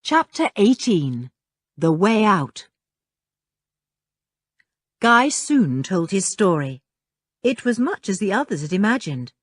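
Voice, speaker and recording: A woman narrating a children's audiobook in an expressive, storybook manner. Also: medium pitch, slow, pauses often, slightly rough, no echo, clean studio sound. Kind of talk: scripted narration.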